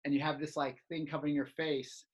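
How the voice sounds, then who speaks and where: A woman in her thirties, chatting casually and telling animated stories with plenty of laughter. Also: low-pitched, fairly quick, slightly rough, rough recording. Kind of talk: casual storytelling chat.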